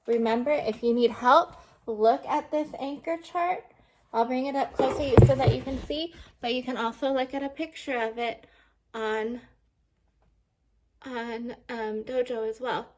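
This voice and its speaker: A young woman teacher talks kids through a home lesson, her voice sitting a touch high. She is patient and unhurried. She breaks words into single sounds and checks in with a quick "okay?" again and again. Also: steady tone, darkish tone. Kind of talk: remote classroom lesson.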